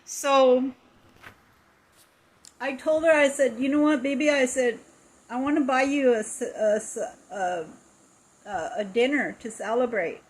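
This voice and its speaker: A woman's voice: high voice, takes it slowly, long pauses, slightly rough, rough recording. Indignant middle-aged woman telling a story. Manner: indignant, emphatic retelling with lots of repetition. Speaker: live video streamer. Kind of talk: casual live-stream storytelling.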